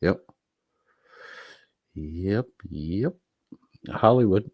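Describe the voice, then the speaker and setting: A man's voice: sits low, lively intonation, very slow, breathy edge, no echo, highs cut off. A middle-aged man rambling through an unprepared monologue as a livestream host, reading chat messages aloud with a profane, sardonic edge. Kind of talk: unscripted monologue, casual chat.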